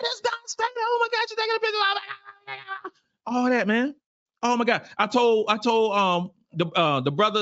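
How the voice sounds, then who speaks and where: A man from South Carolina, hosting a casual postgame show, animated and prone to repeating phrases. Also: high voice, no room sound, dull audio. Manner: animated, repeats phrases, reads viewer comments. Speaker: podcast host.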